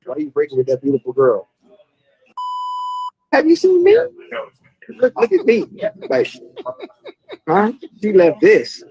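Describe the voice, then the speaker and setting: A man in a reality show clip, exclaiming loudly and repeating himself. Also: on the high side, huge pitch swings, moderate pace, pauses often, low-quality recording. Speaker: reality show cast member.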